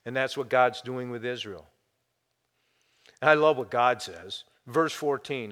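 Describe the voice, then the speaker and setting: A man preaching a sermon, firing rhetorical questions at his listeners and dropping to a hushed voice now and then. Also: medium pitch, measured pace, pauses often, long reverb tail. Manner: animated preaching, rhetorical questions, sudden drops to hushed tones. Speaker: pastor.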